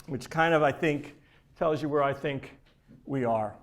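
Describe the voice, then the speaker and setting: A man's voice: fairly high pitch, unhurried. Emphatic man giving a keynote speech. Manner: emphatic, conversational, with repeated words. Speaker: keynote speaker for a research charity. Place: conference stage before an audience.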